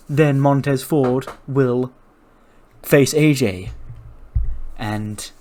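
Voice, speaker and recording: A man voicing a cocky male wrestler who hosts his own talk show, loud and full of bluster. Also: mid-range voice, close to an everyday voice. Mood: scheming. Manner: loud, brash, showman bluster.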